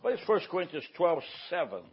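Husky high-voiced male preacher. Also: sing-song, a little fast. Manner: conversational, asks the room for confirmation. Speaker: pastor teaching a church class. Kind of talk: informal Bible teaching. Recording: dull lo-fi recording.

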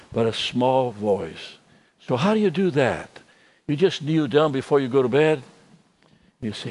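Older man preaching, halting and soft. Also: mid-range voice. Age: 70s. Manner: halting, repeats words, drops to soft tones. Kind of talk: sermon.

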